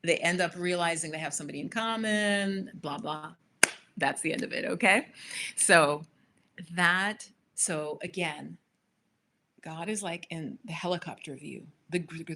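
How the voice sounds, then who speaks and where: A woman's voice: on the low side, fairly bright tone. A woman coaching viewers on a live stream, telling a personal story with frequent direct asides to them. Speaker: spiritual manifestation coach hosting a live stream.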